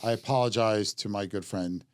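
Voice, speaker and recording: Jokey host in a dry studio. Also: male voice, lowish voice, smooth, no echo. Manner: jokey, upbeat, quick asides. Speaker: podcast host. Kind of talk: casual market talk show.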